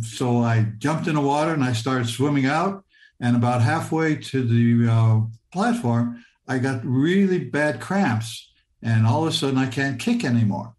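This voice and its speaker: An older man from Michigan telling a personal story, halting and repeating words as he relives it in vivid present tense. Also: mid-range voice, darkish tone, reverberant. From Michigan, United States.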